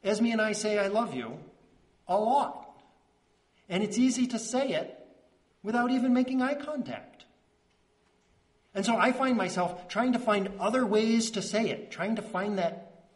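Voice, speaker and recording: A man preaching a conversational sermon as pastor, earnest and checking in with the congregation, slowing into soft pauses on key words. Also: high voice, animated. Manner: earnest, checks in with "right?" and "okay?".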